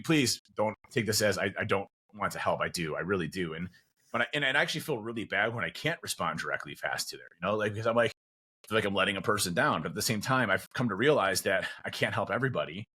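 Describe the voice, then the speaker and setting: A man talks quickly in a loose, rambling way, full of fillers and restarts. His voice is bright and forward, and he drops into little acted bits of dialogue as he goes. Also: lowish voice, expressive, breathy edge. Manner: acts out quoted dialogue. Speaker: podcast guest. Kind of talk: casual conversation.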